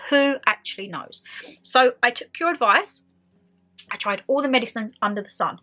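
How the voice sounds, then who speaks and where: A bright, fairly high-voiced young British woman talks straight to her viewers in a relaxed sit-down vlog. She is outspoken and expressive, with faint music behind her. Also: moderate pace. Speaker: vlogger. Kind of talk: casual sit-down chat.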